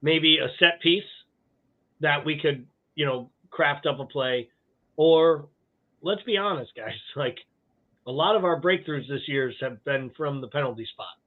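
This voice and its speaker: A man co-hosts a live podcast, trading wry jokes and casual swearing in easy chat. His voice is somewhat high for a man. It comes through a thin, tinny, phone-like line. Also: measured pace. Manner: wry, joking, profane banter. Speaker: podcast co-host.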